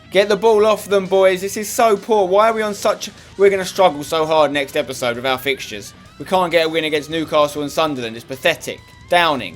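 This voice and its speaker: A young man with a slightly high voice commentates on a football game he is playing, swinging between hope and despair. Faint music plays underneath him. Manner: animated, groans and despairs at his team. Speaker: gaming commentator and host. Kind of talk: excited live game commentary and chat.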